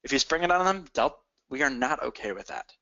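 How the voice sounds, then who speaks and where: A man coaching insurance agents in a sales training talk, energetic and addressing listeners directly. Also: mid-range voice, quick pace, gravelly. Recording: dull lo-fi audio.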